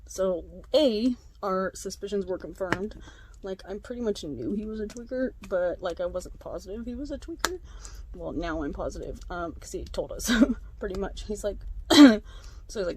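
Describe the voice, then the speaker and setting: A young woman vlogging to camera, retelling neighborhood gossip in a casual, animated way with voiced quotes, fillers and laughs. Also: mid-range voice, normal speed, slight background noise. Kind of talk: casual storytelling chat.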